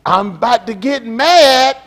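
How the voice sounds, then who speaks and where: A man preaching a sermon as pastor, telling stories with loud outbursts. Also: extremely high pitch, takes it slowly. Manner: animated preaching with storytelling, loud outbursts and laughs.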